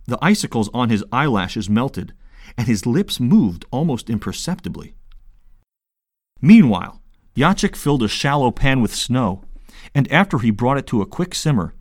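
A man reading an audiobook aloud with clear, expressive storytelling. His pitch is lively and animated, middle in height, carrying the scene along. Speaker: narrator. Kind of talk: scripted audiobook narration.

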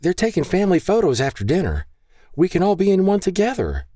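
A man's voice: high voice, huge pitch swings, fairly quick, mellow, no echo, studio quality, voice pushed up, heavily acted. A man voicing an eager, hopeful adult son who talks with glee. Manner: gleeful, pushy.

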